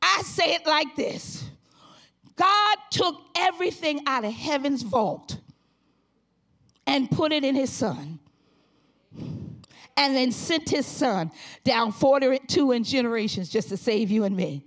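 A woman pastor preaching a sermon, shouting phrases in call and response and at times dropping to a low, quick, intimate voice. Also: lively intonation.

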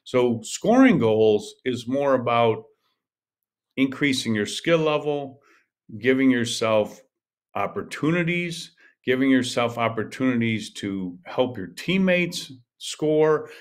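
An older man hosting a podcast, coaching in an emphatic, repetitive monologue that often restarts mid-sentence. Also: medium pitch. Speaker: podcast host, golf coach.

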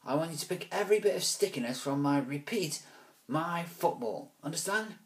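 Guy doing a big mean bully kid, growly, barking orders way up high. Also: lively intonation, normal speed. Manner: barking demands, sneering insults.

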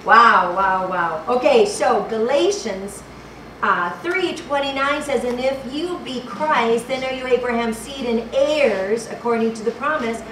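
A woman with a slightly high voice preaches a little slowly and fervently in a church hall, repeating phrases and groping for the correct verse. Echo, a distant mic and background noise mark the recording.

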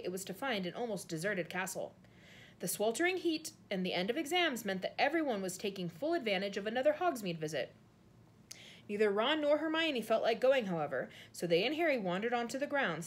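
A woman reading a storybook aloud in an expressive narrating voice. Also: a little high. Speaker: audiobook reader.

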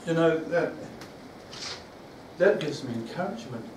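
A man's voice: a little high, lively intonation, measured pace, background noise. A man preaching a sermon, rambling with restarts and asking the congregation questions. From New Zealand. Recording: echoey room, from far off.

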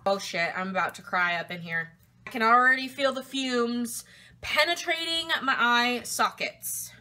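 A woman's voice: fairly high pitch, unhurried, bright, forceful tone. A woman chatting playfully while cooking in her home kitchen, talking to her food as she goes. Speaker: cooking vlogger. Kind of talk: casual chat while cooking.

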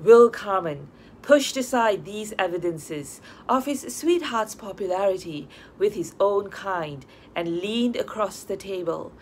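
A woman narrates a classic short story at a middle pitch, measured and expressive. Her reading is steady and clear. Faint noise hums behind the recording. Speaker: audiobook narrator.

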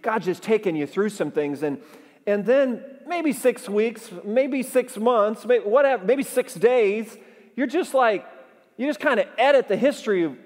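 A man preaching a sermon as pastor, talking in a lively, conversational way and getting the congregation to call back to him. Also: sits high, unhurried, in a large hall. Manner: animated, conversational preaching with audience call-and-response. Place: church sanctuary.

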